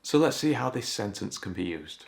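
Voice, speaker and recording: A man's voice: lowish voice, very animated, vocal fry. A man from Leeds with a Leeds Yorkshire accent, teaching an English lesson and acting out short local phrases as examples. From Leeds, England. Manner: explains slowly, acts out short Yorkshire phrases. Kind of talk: scripted language lesson.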